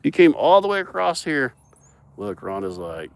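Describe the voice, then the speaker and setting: A man's voice: a little high, very animated, normal speed, gravelly. A man chatting casually on a live stream while out among cattle in a pasture, joking and talking to the animals. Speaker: livestreamer on a farm.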